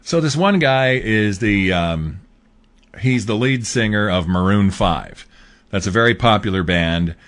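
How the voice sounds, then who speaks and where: Lowish-voiced man hosting a commentary show. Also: expressive, unhurried, fairly bright tone. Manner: conversational, rambling with fillers. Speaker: host. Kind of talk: political commentary monologue.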